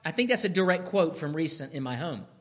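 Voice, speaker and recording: A man preaching a sermon as pastor, swinging from hushed lines to shouted ones and asking his listeners rhetorical questions. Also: a little high, lively intonation, brisk.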